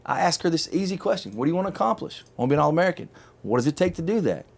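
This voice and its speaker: A middle-aged man hosting a casual chat, telling a long story in an animated, chatty way and laughing often. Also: fairly high pitch, rapid-fire, gravelly. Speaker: podcast host telling a story.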